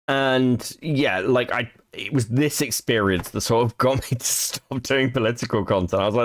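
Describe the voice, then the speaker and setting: A man's voice: mid-range voice, moderate pace, hardly any pauses, dry recording, clean studio sound. A man streaming casual reaction commentary, chatty and profane, laughing between remarks.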